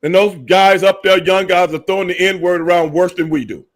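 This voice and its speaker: A man's voice: high voice, moderate pace. A man co-hosting a podcast, arguing his point emphatically with a lot of swearing and repetition. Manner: emphatic, profane, repeats points. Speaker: podcast co-host. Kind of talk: casual podcast debate.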